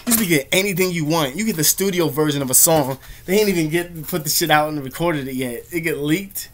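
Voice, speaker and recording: A man's voice: a little high, fairly quick, fairly bright tone, slight background noise. A young man vlogging, telling casual, slangy, profanity-heavy stories in a laid-back way. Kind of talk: casual storytelling.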